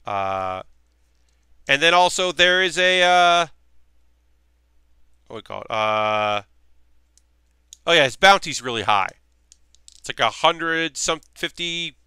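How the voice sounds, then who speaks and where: Bright, crisp-voiced man chatting on stream. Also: fairly high pitch, lively intonation, takes it slowly, long pauses, no echo. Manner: rambling, filler-heavy, chatty. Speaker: streamer hosting a model-building show. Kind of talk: casual livestream chat.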